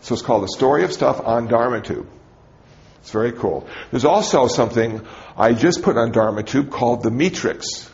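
A man's voice: mid-range voice, gravelly, darkish tone, muffled recording. A man, a Buddhist teacher, giving a dharma talk to a group in a conversational, humorous storytelling manner.

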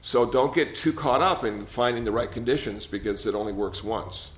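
An older man, a meditation teacher, giving a gentle, rambling dharma talk that often repeats words. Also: medium pitch, normal speed. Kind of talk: dharma talk with audience questions. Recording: slightly dull sound, faint noise.

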